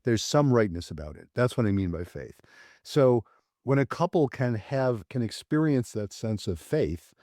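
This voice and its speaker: A man, a psychologist, speaking as a guest in a thoughtful, measured way, with an occasional soft laugh. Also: mid-range voice, animated, no echo, studio quality. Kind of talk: conversational interview.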